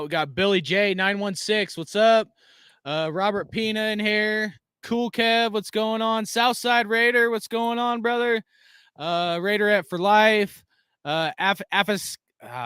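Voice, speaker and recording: A man hosting a casual live stream, talking fast and loosely while giving shout-outs to the chat. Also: sits high, clear, resonant tone, no echo, studio quality. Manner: fast, loose, self-deprecating.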